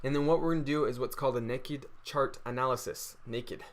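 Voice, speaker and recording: A man's voice: mid-range voice, fast talker. A man with a Texas accent presenting a screen-share trading tutorial, upbeat and asking himself rhetorical questions he answers right away.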